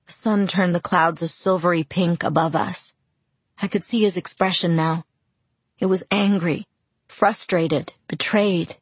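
Husky woman narrating a novel. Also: on the low side, fairly even intonation, unhurried, no echo. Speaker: audiobook narrator. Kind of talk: first-person novel narration.

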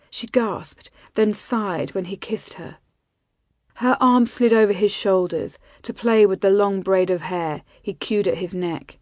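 Soft-spoken woman narrating a romance. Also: mid-range voice, dry recording, studio quality. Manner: soft, intimate, measured reading. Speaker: audiobook narrator.

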